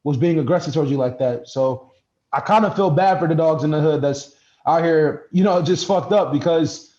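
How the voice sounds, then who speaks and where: A man's voice: on the high side, moderate pace, mellow. A man in casual conversation, swearing freely as he thinks aloud. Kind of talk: casual chat. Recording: dull roomy sound.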